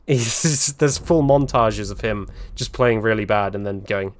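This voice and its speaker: A man's voice: fairly low pitch, takes it slowly. A man commentating casually while live-streaming a game, chatty and rambling, laughing often and grumbling about the fight.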